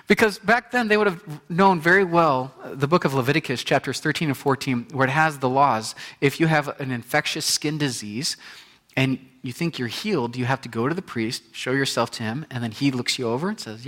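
A pastor preaches a sermon with a slightly high voice at a fairly quick pace, telling the story through lively, acted-out quotes. He shifts between loud, bright moments and hushed, quiet ones.

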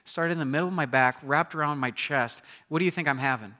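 A man in his thirties preaching a sermon, telling a personal story with animated storytelling and acting out scenes with sudden loud outbursts. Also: fairly high pitch, fast. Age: 30s. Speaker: pastor.

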